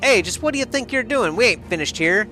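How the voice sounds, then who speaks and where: A man plays a rough thug in a medieval game who challenges people in a blustering way. His voice is pushed far above its normal pitch. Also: expressive, a little fast, sharp tone, faint music behind. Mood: indignant. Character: rough, indignant male whipper.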